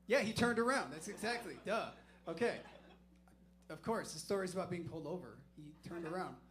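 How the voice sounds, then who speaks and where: A man's voice: high-pitched, brisk, a bit bright, soft background music. A man doing stand-up comedy on a club stage, telling a profane, rambling, self-deprecating story.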